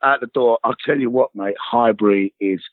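A man's voice: medium pitch, normal speed, no room sound, narrow, tinny audio. A man with a South East London accent, telling stories in casual chat as a guest, swearing freely and calling people mate.

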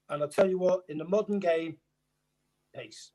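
An older man, a former footballer talking as a guest in casual chat, jokey and animated, often repeating his phrases. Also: high voice, normal speed.

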